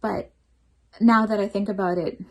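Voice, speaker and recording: A woman's voice: mid-range voice, fairly even intonation, moderate pace, a little mellow. Woman telling her story at a devotional gathering, earnest and reflective, healthcare worker on night shifts. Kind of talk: personal testimony at a devotional program.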